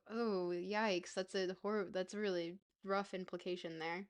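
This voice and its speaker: A woman's voice: mid-range voice, steady tone, slow pace, clear, resonant tone. A young woman streamer reading a book aloud in a playful put-on British-style accent, chatting casually with her viewers between passages.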